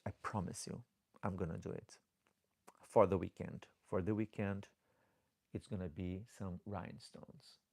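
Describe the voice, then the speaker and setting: A man's voice: deep voice, fairly even intonation, measured pace, vocal fry, a little mellow. A man hosting a casual live stream as a drag performer, chatty and affectionate, who calls his viewers darlings and often repeats and restarts words as he reads their comments aloud.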